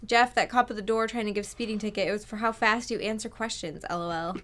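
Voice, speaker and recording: A woman's voice: medium pitch, steady tone, fast, fairly bright tone. A woman co-hosting a live podcast, reading out listener questions and teasing her co-host, laughing easily. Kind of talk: casual live show chat.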